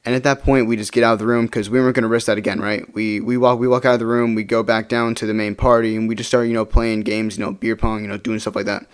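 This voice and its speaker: A young man rattles off a casual storytime at a quick clip. He rambles, checks in with "right?" all the time, and curses offhand. His voice sits at an ordinary pitch for a man. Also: steady tone. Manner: rambling, keeps asking "right?", swears casually. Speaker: storytime vlogger.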